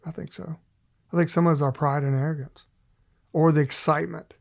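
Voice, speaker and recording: Guesting on a casual faith chat, this middle-aged man talks fairly quickly in a creaky, gravelly voice that's slightly higher than typical for a man but stays level and flat. He laughs frequently while telling stories that poke fun at himself.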